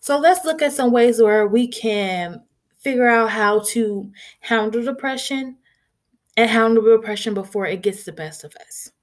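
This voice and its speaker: A woman's voice: on the high side, measured pace. A young woman vlogger talking candidly and earnestly in a conversational way, with frequent filler phrases. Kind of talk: candid personal talk.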